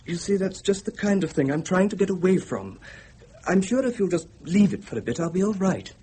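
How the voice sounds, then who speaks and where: A man's voice: high-pitched, sing-song, fairly quick, warm tone, slightly rough, heavily acted. An actor playing a polite, nervous teenage boy, eager and stammering, in 1950s radio drama style. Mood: awkward.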